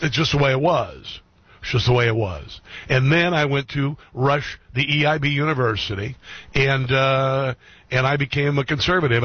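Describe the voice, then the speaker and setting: Earnest middle-aged talk host, husky. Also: male voice, medium pitch, no room sound, highs cut off. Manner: earnest, repeats key phrases for emphasis. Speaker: talk radio and streaming show host. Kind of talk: heartfelt monologue to listeners. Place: radio studio.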